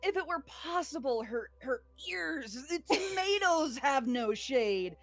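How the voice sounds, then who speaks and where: Giggly, lively woman playing a tabletop game. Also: high voice, slow, faint music behind. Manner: giggly, flustered storytelling. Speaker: player. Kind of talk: tabletop role-play over voice chat.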